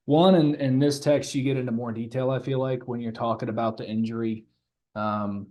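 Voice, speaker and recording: A young man interviewing a guest, asking his questions haltingly and often repeating words as he searches for them. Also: medium pitch, steady tone, warm tone, muffled recording. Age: young adult.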